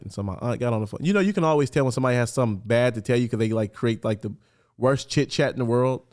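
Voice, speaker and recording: A man's voice: medium pitch, fast, darkish tone. A man who is a podcast guest, candidly and earnestly telling his personal story in casual street talk in a studio.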